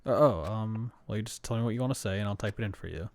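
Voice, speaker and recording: A man's voice: on the low side, fast talker, a little mellow. A man streaming a game, casually reading its narration aloud in a plain way.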